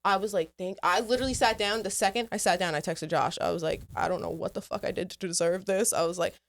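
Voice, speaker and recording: A woman's voice: lowish voice, fairly even intonation, fast, creaky. A woman co-hosting a podcast, telling travel stories in casual chat, swearing often and acting out the people she quotes. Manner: self-described yapper. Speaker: podcast co-host.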